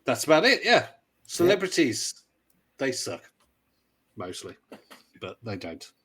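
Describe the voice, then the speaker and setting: A man's voice: medium pitch, very animated, a little slow, fairly bright tone, breathy edge. A man with a Midlands accent co-hosting a podcast in casual chat, rambling and hesitant with jokey asides. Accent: English Midlands. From English Midlands. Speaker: podcast co-host.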